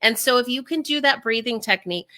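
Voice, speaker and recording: A woman speaking coach as an interview guest, energetic and acting out inner voices as she explains. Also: a little high, fast talker.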